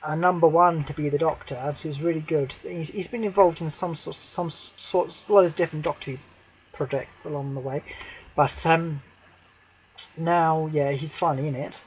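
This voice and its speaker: A man ranting to camera as a fan, swearing a lot, rambling with many fillers, and breaking into shouted outbursts. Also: on the high side, breathy edge, poor audio. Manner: shouts and near-cries in outbursts. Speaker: vlogger.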